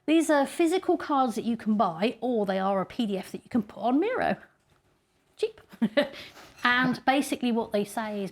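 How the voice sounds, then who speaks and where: A middle-aged woman giving a chatty, self-deprecating conference talk and laughing often. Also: medium pitch. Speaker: conference speaker.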